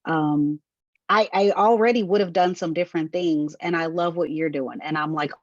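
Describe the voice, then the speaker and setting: A woman guest with a lowish voice speaks in a warmly affirming way, repeating her praise. The audio is dull and lo-fi with a very dry sound. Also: normal speed, no echo. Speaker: guest and team member. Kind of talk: interview conversation.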